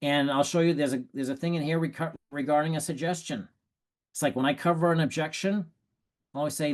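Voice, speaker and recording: A man giving sales coaching tips in a lively, animated way, acting out prospects' lines and laughing at his own stories. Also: on the high side, fairly quick. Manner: animated, acts out prospects and quotes. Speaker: sales trainer. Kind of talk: coaching talk.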